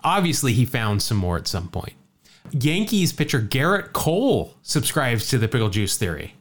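A man's voice: mid-range voice, very animated, normal speed. A man co-hosting a casual podcast, telling a jokey baseball story, often stumbling and repeating words.

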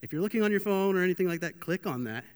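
A young man with a high, clean-toned voice races through a casual, joking sermon in a church hall, animated and full of restarts. Long hall reverb trails after his words.

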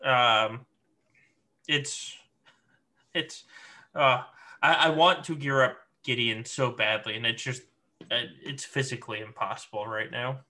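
Bright-voiced man co-hosting a gaming podcast. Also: medium pitch, steady tone, unhurried, pauses often. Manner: easygoing, rambling with many fillers. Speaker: podcast co-host. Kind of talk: casual gaming podcast chat.

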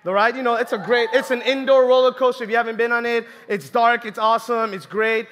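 A young man from Colombia speaks to a congregation, telling funny stories in an animated, chatty way and acting out quotes. His voice is high, bright and sharp. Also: fairly quick. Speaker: church speaker. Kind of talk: humorous sermon storytelling.

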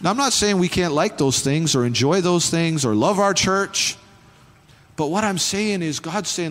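A man's voice: on the high side, lively intonation, moderate pace, fairly bright tone. A male pastor preaching a sermon, repeating phrases and building to fervent exhortation. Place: church sanctuary. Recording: church hall reverb with faint music.

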